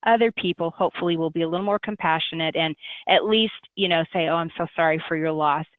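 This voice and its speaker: A middle-aged woman, a guest on a webinar, speaking gently and in a measured way with many pauses. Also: sits low, no room sound. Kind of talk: webinar conversation. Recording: tinny dry phone line.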